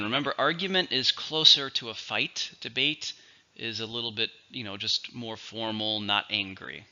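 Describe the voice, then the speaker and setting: A man teaching English vocabulary in a recorded lesson, patiently repeating each word slowly for learners. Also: lowish voice, bright, forceful tone, dull audio.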